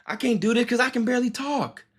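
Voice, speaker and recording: A man's voice: extremely high pitch, quick pace, husky, pitched above the performer's own voice. A man voicing a reluctant, self-pitying Moses who mumbles that he cannot speak well. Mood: whining. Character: reluctant, whiny male Moses pleading he can't speak.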